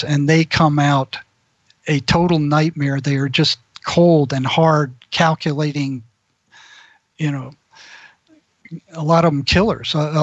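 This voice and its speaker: A man's voice: a little high, no echo. Man telling stories over muffled lo-fi audio. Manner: rambling storyteller who acts out quoted voices. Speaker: guest, mental health practitioner. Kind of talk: anecdotal storytelling in an interview.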